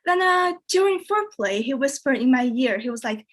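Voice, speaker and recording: A woman performing a stand-up comedy set, whose first language is Chinese, telling jokes in a deadpan way and jumping much higher when she quotes people. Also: fairly quick, hardly any pauses. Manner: deadpan delivery, jumps high for quoted voices.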